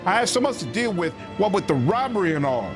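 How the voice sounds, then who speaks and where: A man's voice: high-pitched, very animated, quick pace. A man voicing a flustered, prim, well-bred lady who owns a robbed manor, reading game dialogue aloud. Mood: flustered polite. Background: game music.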